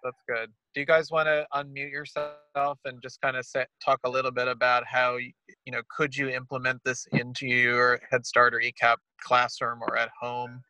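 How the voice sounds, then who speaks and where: A man's voice: medium pitch, completely flat delivery, moderate pace, pushed and bright, no echo, rough recording. A man moderating a webinar over a video call, reading chat comments aloud and prompting attendees. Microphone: video call microphone.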